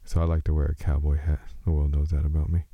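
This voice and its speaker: A man's voice: a bass voice, completely flat delivery, quick pace, muffled recording, a little hiss or hum. A man with a slight Texas twang, rambling loosely and joking at his own expense as he hosts a solo podcast. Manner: loose, joking, meandering, self-mocking. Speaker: podcast host.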